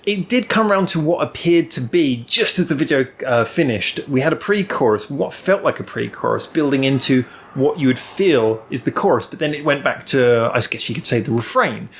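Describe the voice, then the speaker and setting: A man's voice: medium pitch, lively intonation, moderate pace, few pauses, a little hiss or hum. A man hosts his own music review channel, thinking aloud as he talks through a song. He rambles and restarts often, filling gaps with ums. He is recorded alone indoors, speaking to a camera in front of him. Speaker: music reaction channel host.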